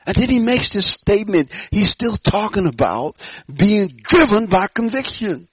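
A man preaching a sermon to his congregation, emphatic, dropping to low murmurs and rising to shouted declarations, asking the room call-and-response questions. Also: big pitch swings, moderate pace, breathy edge, dry recording, poor audio. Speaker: pastor.

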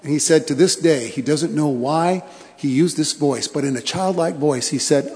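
A man pastor delivering a sermon in a church, telling stories with pauses for emphasis and repeated phrases. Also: a little high, darkish tone. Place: church sanctuary. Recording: long church reverb.

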